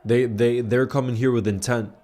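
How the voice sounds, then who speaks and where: This medium-pitched man speaks in a steady tone at a moderate pace while hosting a live football watch-along. Raised largely in New York, he chats casually between reactions, reads viewer messages aloud, and stays laid-back and chummy, saying "bro" and handing out shout-outs.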